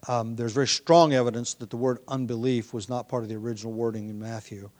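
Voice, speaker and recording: A man preaching a verse-by-verse Bible sermon in a conversational, thinking-aloud way, with frequent ums, restarts and throat clearing. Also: mid-range voice, steady tone, quick pace, darkish tone.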